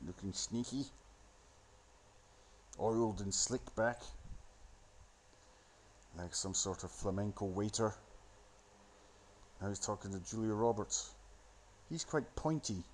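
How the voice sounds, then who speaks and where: A man's voice: lowish voice, slow, long pauses, slight background noise. A man rambling into a phone, giving a sardonic, profane running commentary on a film. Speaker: solo commentator.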